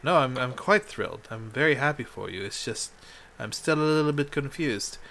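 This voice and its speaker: A regal queen speaks in formal, measured phrases, put on by a man. The voice is bright and crisp, with a gravelly rasp underneath. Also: mid-range voice, expressive. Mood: stately. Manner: formal, stately speech.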